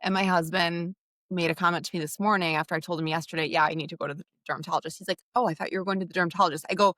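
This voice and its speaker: Frank, low-voiced woman podcast host. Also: rapid-fire, dry recording, studio quality. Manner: frank and expressive, acts out quoted exchanges. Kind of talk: candid conversational interview.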